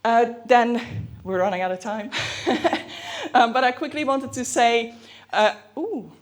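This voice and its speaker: A woman giving a conference presentation in a hurried, chatty way, full of fillers and self-aware asides. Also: a little high. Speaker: conference speaker. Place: conference hall.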